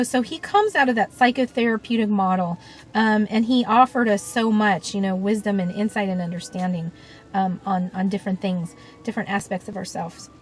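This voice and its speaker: A woman's voice: a little high, rough recording. A woman with an earnest, thoughtful manner, speaking in a reflective monologue and often leaning on "you know" and "um". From United States. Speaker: shamanic practitioner and teacher.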